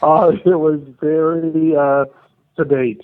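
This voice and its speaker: A man's voice: a little high, level tone, takes it slowly, clear, resonant tone, no room sound. Male phone guest, wry, easygoing, phone-line sound. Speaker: call-in guest. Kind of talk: casual chat.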